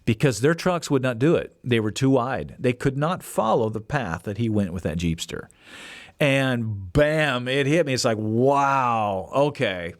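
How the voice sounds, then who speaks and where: Lively man telling a story. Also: mid-range voice, unhurried, no echo, clean studio sound. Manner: animated, acts out quoted voices. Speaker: podcast host. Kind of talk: casual storytelling.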